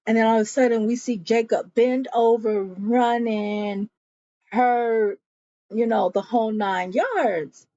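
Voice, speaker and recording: A woman's voice: fairly high pitch, steady tone, slow, mellow, dry recording, lo-fi sound. A woman recapping a TV episode in a casual, chatty way, acting out the characters' lines and addressing her viewers as y'all. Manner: chatty storytelling that acts out quotes, says y'all. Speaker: TV episode reviewer.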